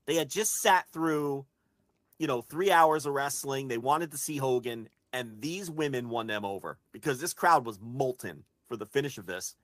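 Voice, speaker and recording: Excitable man arguing his case, dry close mic. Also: medium pitch, moderate pace, no echo. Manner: excitable, swears freely, builds an argument point by point. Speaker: podcast co-host. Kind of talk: casual chat.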